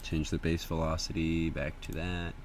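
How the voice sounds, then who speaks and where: A young man from Indiana, chatting casually to viewers on a livestream in an excitable, slangy, profane way. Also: very deep voice, normal speed, a little hiss or hum.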